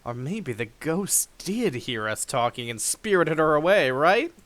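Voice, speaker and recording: Reading a game's story aloud during a playthrough, this young host adds dramatic flair and keeps chuckling. His voice runs on the high side and a little slow, and the recording has no room sound; his mood is lively.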